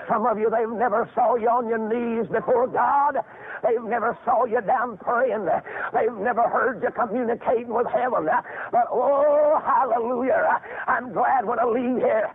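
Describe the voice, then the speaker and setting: An older man preaching a revival sermon, telling stories and rising into fervent shouts with drawn-out phrases. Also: extremely high pitch, steady tone, breathy edge. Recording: phone-like, narrow band.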